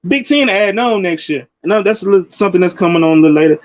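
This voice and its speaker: A fired-up man in his forties talking college football, his voice riding high. The sound is dry and a bit dull, with no room around it. He talks in slang and keeps jumping into loud outbursts. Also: racing, no echo. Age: 40s. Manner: animated, slangy, loud bursts and laughing asides. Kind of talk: casual sports commentary.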